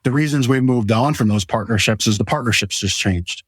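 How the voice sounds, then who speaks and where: A man's voice: mid-range voice, brisk, fairly bright tone, slightly rough, no room sound. A man hosting a casual podcast from his mattress showroom, talking products in a rambling, enthusiastic way. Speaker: podcast host and mattress store owner. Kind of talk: casual sales chat.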